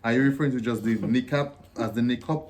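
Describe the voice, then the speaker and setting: Animated man with a Dominican accent. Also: fast talker. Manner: animated, explains at length, jumps high when he gets excited. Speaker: guest. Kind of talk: casual chat comparing dialects.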